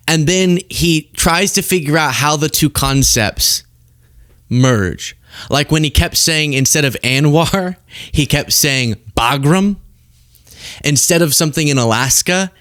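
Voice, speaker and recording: A man's voice: fairly high pitch, expressive, moderate pace, a bit bright, dry recording, studio quality. A man hosting a political commentary show, sarcastic and exasperated, often laughing.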